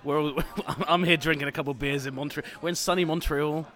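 A man's voice: fairly high pitch, steady tone, quick pace, fairly bright tone. A man co-hosting a podcast from a bar, teasing his friends with laughing, mock-outraged banter. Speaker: podcast co-host. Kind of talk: casual banter.

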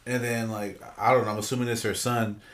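A man's voice: on the low side, little pitch movement, fairly quick, a bit bright. Laid-back man telling a story. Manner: loose, profane, laughing storytelling. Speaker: podcast co-host. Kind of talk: casual chat, storytelling. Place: room with friends.

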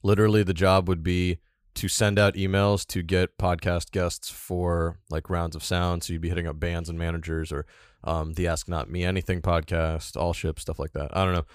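A man's voice: sits low, flat delivery, normal speed, no echo, clean studio sound. A young man co-hosting a podcast, chatting loosely and swearing often. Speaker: podcast co-host. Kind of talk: casual chat.

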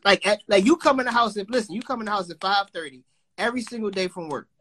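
A man's voice: sits high, fast talker, a bit bright. A man in casual chat, talking loosely and profanely and often circling back on his words. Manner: loose, profane, rambling and repeats himself.

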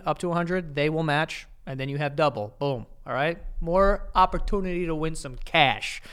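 A man's voice: a little high, fairly bright tone, clear, resonant tone, dry recording. A man hosting a podcast in a casual, emphatic, blunt way, often swearing as he talks. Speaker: podcast host. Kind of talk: casual podcast chat and ad reads.

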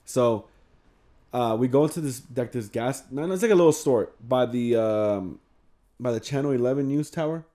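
A man's voice: medium pitch, moderate pace, dark tone. Young guy rambling thru a story, swears a lot, does the voices. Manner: rambling, swears often, acts out quotes. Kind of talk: casual storytelling chat.

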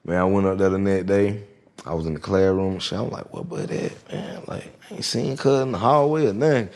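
A man telling a lively story in casual chat, acting out what others said. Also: deep voice, quick pace. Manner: animated storyteller, acts out quotes. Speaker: guest.

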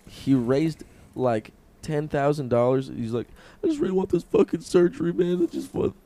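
A man's voice: medium pitch, a little mellow. A young man co-hosting a podcast, telling stories in loose comedic chat, swearing freely and laughing often. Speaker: podcast co-host.

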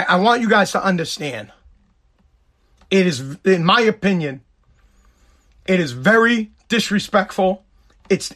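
Hoarse, high-voiced man ranting. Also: fairly bright tone. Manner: heated, profane, repetitive ranting. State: hoarse, voice nearly gone. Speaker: podcast host. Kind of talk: ranting podcast monologue.

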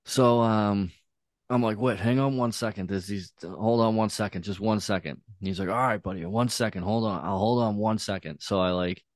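A man's voice: lowish voice, moderate pace, no room sound, clean studio sound. A man telling a laid-back story as a podcast host, swearing often and filling his talk with "like" and "dude". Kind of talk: casual storytelling chat.

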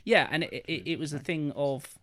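A man co-hosting a podcast, explaining his film pitch in a rambling, hesitant way full of fillers. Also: fairly quick, fairly bright tone. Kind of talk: casual chat.

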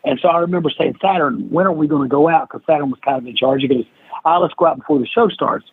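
Husky-voiced man telling a story over a tinny line. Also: on the high side, fast, dry recording. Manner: animated storyteller who acts out quoted lines. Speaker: podcast guest. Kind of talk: storytelling interview chat. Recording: dry, tinny phone-like line.

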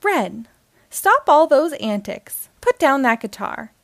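A woman's voice: on the high side, animated, moderate pace, vocal fry, no room sound. A woman voicing a bossy, snappish mother queen ant who scolds and commands. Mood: scolding.

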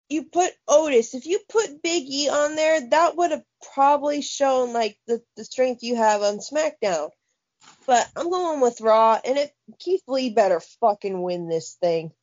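A woman's voice: a little high, unhurried, darkish tone, no echo. A woman co-hosting a podcast in casual chat, blunt and profane. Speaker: podcast co-host. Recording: dull, dry, lo-fi podcast audio.

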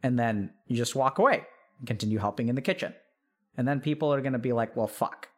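A man hosting a podcast, giving casual advice in an animated way, peppered with "like" and "right?" and acting out what imagined relatives would say. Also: mid-range voice, fast talker. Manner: animated, acts out imagined family members mid-sentence; frequent fillers "like" and "right?".

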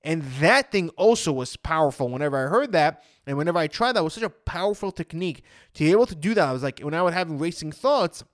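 A man's voice: on the high side, lively intonation, fast, few pauses. A man talking casually as an anxiety coach, retelling his own past thoughts in a chatty way. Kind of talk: casual motivational talk.

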